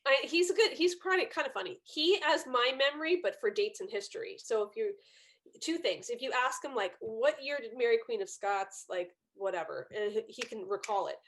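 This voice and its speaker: A woman guest on a podcast, telling lively, incredulous stories in casual chat. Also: on the high side, a little fast. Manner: animated storytelling, incredulous.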